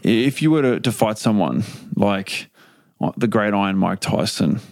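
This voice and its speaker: A man's voice: lowish voice, animated, normal speed, a little mellow, no echo. A man hosting an interview, asking his questions casually and with hesitant restarts.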